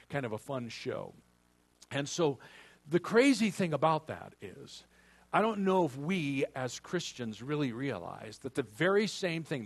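Storytelling man preaching a sermon. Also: fairly high pitch. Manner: conversational storytelling with playful asides; acts out dialogue voices while retelling. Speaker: pastor.

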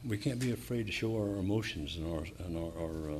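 A man preaching a sermon, reading verses and explaining them, pausing often with fillers and restarts, then building up to fervent emphasis. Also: deep voice, darkish tone, slight background noise.

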